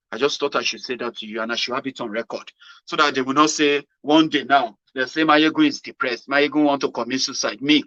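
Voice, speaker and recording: An animated Nigerian political commentary host with a bright, dry voice and a Nigerian accent mixed with Pidgin gives a casual motivational monologue, swinging from loud exclamations to low murmurs. The recording has no echo but a dull lo-fi sound.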